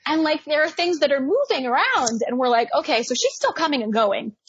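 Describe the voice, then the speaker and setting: A young adult woman telling a story as a guest, animated and laughing often. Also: sits high, fairly quick, dry recording, lo-fi sound. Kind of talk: casual storytelling.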